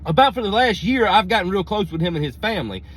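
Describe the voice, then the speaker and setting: High-voiced Southern man telling a story. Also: fast talker, breathy edge. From Mississippi. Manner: animated, profane, Southern slang. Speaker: comedian. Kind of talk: storytelling comedy bit.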